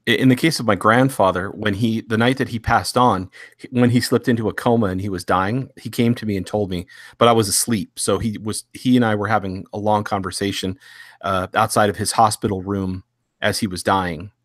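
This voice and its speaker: Man, lowish voice, dry sound, earnest halting personal account. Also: steady tone, a bit bright, no echo. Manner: earnest, halting, many restarts. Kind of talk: casual personal storytelling.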